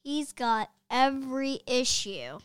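Excitable playful schoolboy read by a woman, slow and crisp. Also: high-pitched, no room sound, heavily acted. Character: playful young schoolboy sidekick.

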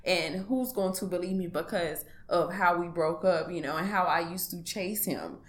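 A woman speaking in an interview, giving a personal account in a halting, hesitant way with many pauses and restarts. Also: fairly low pitch. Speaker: interview guest.

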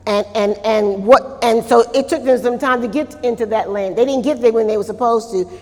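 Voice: mid-range voice, fairly quick, a little mellow, long reverb tail. A Bible study teacher leading a church class, asking the group questions, answering them, and adding frequent amens.

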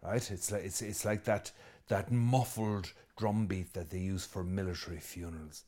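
Irish priest preaching a lively sermon. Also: male voice, deep voice, normal speed. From Ireland. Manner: lively and conversational, with asides and jokes; emphatic, repeating key phrases.

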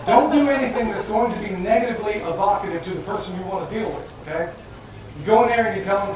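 A man with a high voice speaks to a crowd at an event, loose, jokey and plain-spoken. He sounds distant from the microphone, and the room is very echoey. Steady noise sits behind him throughout. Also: quick pace. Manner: joking, conversational, plain-spoken. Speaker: festival presenter. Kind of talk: live talk to an audience. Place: event venue with audience. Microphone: far from the mic.

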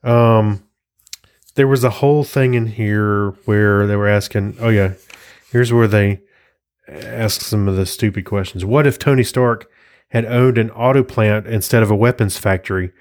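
A man chats casually on his solo podcast in a slightly low voice. He rambles from one thing to the next, reading captions aloud and chuckling to himself as he goes. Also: fairly even intonation, measured pace, darkish tone. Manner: rambling, chuckling, reads captions aloud while flipping pages. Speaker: podcast host.

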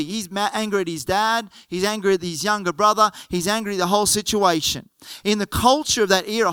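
A man's voice: sits high, a bit bright, smooth, no room sound. A man preaching a sermon, telling a story earnestly and acting out the characters.

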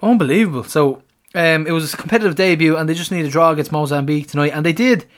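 A man co-hosting a casual football podcast, excitable and swearing freely. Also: fairly high pitch, fast talker. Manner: excitable, swearing, laughs often. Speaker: podcast co-host.

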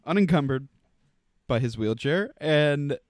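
A man's voice: on the high side, animated, a little slow, dry recording, studio quality. A man co-hosting a podcast, riffing playfully and laughing often in casual chat. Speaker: podcast co-host.

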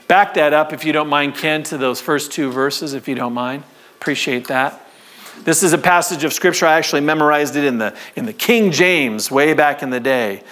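Animated male preacher, fairly high voice. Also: normal speed. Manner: conversational, animated preaching with congregation call-and-response. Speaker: pastor. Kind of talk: sermon. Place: church sanctuary with congregation.

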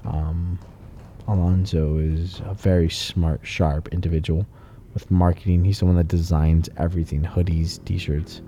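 A man's voice: deep voice, a little slow, a little hiss or hum. A man who builds cars and runs a shop, talking casually and telling stories full of swearing. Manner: animated storyteller, swears a lot. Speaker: car builder and shop owner. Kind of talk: casual podcast chat.

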